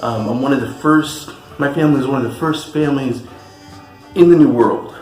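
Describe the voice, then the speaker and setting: Enthusiastic male host, casual tasting review, mid pitch, roomy echo, faint music behind. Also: fairly quick, a little mellow. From California. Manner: enthusiastic, chatty. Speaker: spirits reviewer. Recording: echoey room with faint music.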